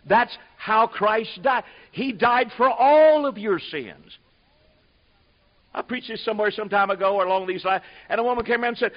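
A man preaching a sermon with a somewhat high voice. His delivery is folksy and drops to asides, then climbs to loud, emphatic preaching. The recording is dull and muffled, like an old tape. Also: animated, a little fast.

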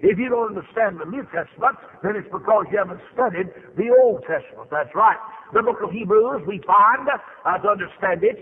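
A man preaching a fervent revival sermon, full of "uh" fillers and rising to shouts. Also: high-pitched. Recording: tinny phone-like radio broadcast.

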